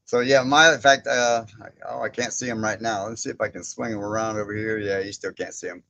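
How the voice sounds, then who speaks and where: A man's voice: fairly low pitch, steady tone, fairly quick, vocal fry, pushed and bright, no room sound. A man hosting a casual livestream from his barn, rambling, chuckling often and greeting people from the chat by name. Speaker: livestream host. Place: indoor barn workspace.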